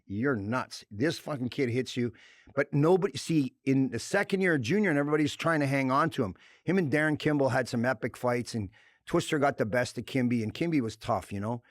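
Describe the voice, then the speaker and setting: A man's voice: medium pitch, dry recording, clean studio sound. A middle-aged man, a former hockey enforcer, talking bluntly and with lots of swearing as a podcast guest. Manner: blunt, profane, animated storytelling. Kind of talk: casual chat.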